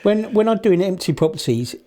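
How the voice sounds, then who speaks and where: A man's voice: high-pitched, lively intonation, brisk, warm tone. A man hosting a podcast interview in a casual way, adding short encouraging remarks to his guest's stories. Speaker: podcast host, surveyor.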